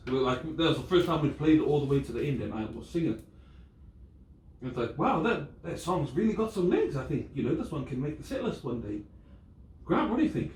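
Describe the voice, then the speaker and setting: A man casually chatting with friends, telling a rambling story and laughing along as he goes. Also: a little high. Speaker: podcast co-host. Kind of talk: casual chat among friends. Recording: echoey room, distant mic.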